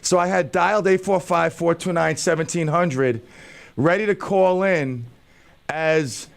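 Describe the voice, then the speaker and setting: A man's voice: fairly high pitch, measured pace, vocal fry. A man hosting a radio talk show, bantering in a joking, self-mocking way into a studio microphone.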